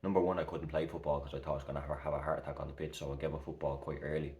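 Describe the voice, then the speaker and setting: An Irish recovery coach in his thirties vlogs straight to camera in a very deep, even voice, speaking rapid-fire. His heartfelt, casual talk is earnest and reassuring, loose and packed with fillers. The room sounds echoey.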